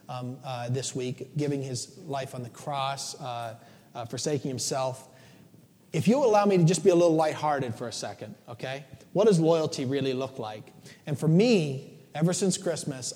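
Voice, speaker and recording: A man's voice: medium pitch, darkish tone. A middle-aged male preacher giving a conversational, joking sermon, often checking in with "right?". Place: church. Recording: long church reverb.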